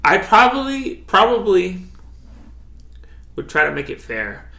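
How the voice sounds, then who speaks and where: Gravelly laid-back young guy saying "dude". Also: high voice, big pitch swings, a little slow, bright, forceful tone. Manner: laid-back, says "dude" constantly, swears freely. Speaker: podcast co-host. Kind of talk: casual chat. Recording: echoey room.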